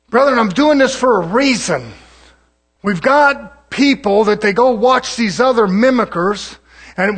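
A man's voice: high-pitched, lively intonation, normal speed, fairly bright tone. A man, a pastor, preaching a folksy, conversational sermon and sometimes mimicking other preachers.

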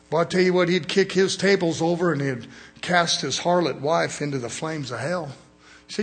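A man's voice: a little high, steady tone, moderate pace, soft background music. A middle-aged male preacher giving a fiery sermon in a blunt, folksy manner, calling for amens from the congregation. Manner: folksy, blunt, call-and-response.

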